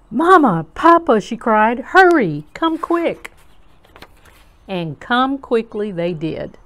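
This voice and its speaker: A woman reading a children's storybook aloud to kids as host, in a slow, gentle, expressive way. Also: medium pitch.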